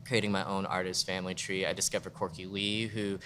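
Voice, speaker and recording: Man, panel guest, casual rambling talk, lots of fillers, forceful bright tone, faint room ambience. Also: sits low, flat delivery, brisk, a little hiss or hum. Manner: rambling, heavy with "like" fillers, frank and swearing. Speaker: guest photographer. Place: museum event space.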